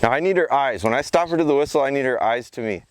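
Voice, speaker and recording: A man's voice: medium pitch, fast talker, heavy background noise. Man training a dog out in a field. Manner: alternates calm explanation with short commands and praise to a dog. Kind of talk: outdoor training vlog, explaining while working the dog. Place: outdoors in a rural field.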